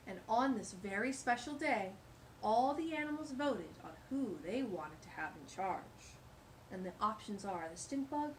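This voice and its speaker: Cast a playful children's story reader, a woman with a lively, bouncy voice. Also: mid-range voice, unhurried, slight background noise, poor audio. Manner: animated, playful asides. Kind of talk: reading a picture book aloud.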